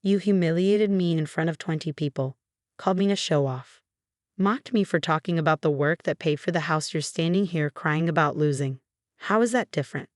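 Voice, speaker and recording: A woman in her thirties reading a first-person family story aloud, voicing every part in the same steady, even way. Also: sits low, no room sound, clean studio sound. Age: 30s. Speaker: narrator. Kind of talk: scripted story narration.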